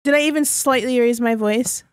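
A woman's voice: a little high, normal speed, smooth, dry recording, clean studio sound. A woman co-hosting a casual podcast. She is blunt and cutting and swears freely. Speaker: podcast co-host.

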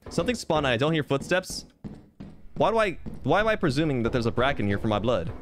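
A man's voice: medium pitch, expressive, fast talker, a little hiss or hum. A man streaming a game, rambling through casual commentary with playful, self-mocking jokes, with piano game music behind him.

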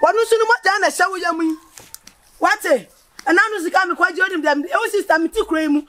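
A woman acting as a reproachful sister in a film drama, lecturing hard in a very high, piercing voice. She scolds with long, rising complaints. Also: fairly quick, a bit bright. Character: scolding, tearful woman berating her sister. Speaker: actress.

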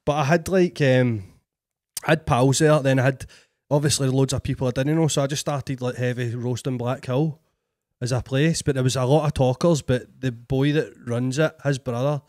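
A man's voice: medium pitch, fairly even intonation, moderate pace, darkish tone, dry recording, studio quality. A man hosting a podcast, blunt and sweary, laughing often in casual chat. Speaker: podcast host.

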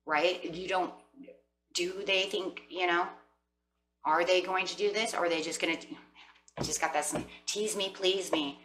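A woman's voice: lowish voice, steady tone, measured pace, long pauses, a bit bright, distant mic, a little hiss or hum. Chatty woman reading tarot in an echoey room. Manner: chatty, rambling, addresses viewers as guys. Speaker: tarot reader.

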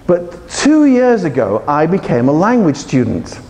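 A man giving a lively, joking conference talk to teachers and quizzing the audience as he goes. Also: fairly high pitch, a little slow. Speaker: conference speaker. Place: large conference hall. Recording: echoey hall with faint ambience.

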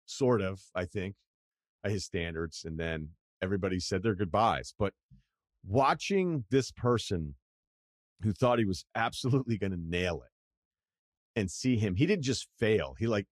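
Low-voiced, rambling middle-aged podcast host. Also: male voice, animated, normal speed, dry recording, clean studio sound. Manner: rambling, profane, self-deprecating. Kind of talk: casual storytelling chat.

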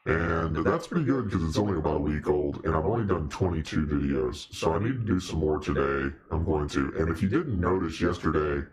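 A man's voice: extremely low pitch, expressive, a little fast, few pauses. A man hosting a casual livestream in a demon persona, rambling and joking while talking to his viewers.

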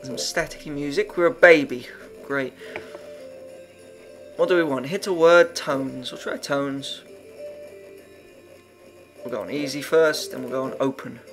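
A man's voice: mid-range voice, fairly even intonation, unhurried, long pauses, faint music behind. A man playing a video game and commenting aloud, muttering, swearing often and reading the on-screen text as he goes. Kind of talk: let's-play commentary.

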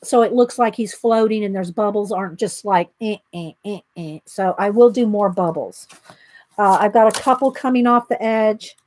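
Chatty husky woman livestreaming art. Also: medium pitch, moderate pace, darkish tone, no room sound, poor audio. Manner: chatty, thinking aloud, talks to viewers. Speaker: artist livestreaming her work. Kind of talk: casual livestream chat while drawing. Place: home art room.

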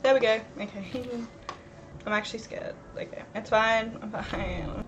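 A woman's voice: a little high, a little slow. A young woman streamer giving casual gameplay commentary, jittery and nervous, swearing and laughing as she plays. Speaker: gaming streamer. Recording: noisy background ambience.

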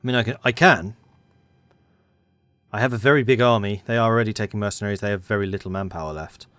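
A man's voice: on the low side, fast, fairly bright tone, dry recording. A man commentating a strategy game, thinking aloud and talking to the game's factions as he plays. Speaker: gaming channel host.

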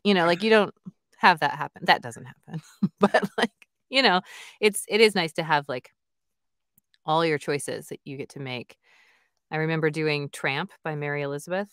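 A female audiobook narrator and author, with a deep, clear, resonant voice and a fairly bright tone, chats at normal speed in a casual interview. She's enthusiastic and leans heavily on "like" and "you know." The recording is dry, with clean studio sound.

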